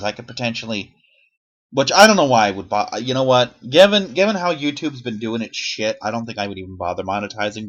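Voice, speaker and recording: A man's voice: medium pitch, fairly bright tone, lo-fi sound. A man rambling through casual gameplay commentary as a YouTuber, swearing freely and poking fun at himself. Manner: rambling, profane, self-deprecating.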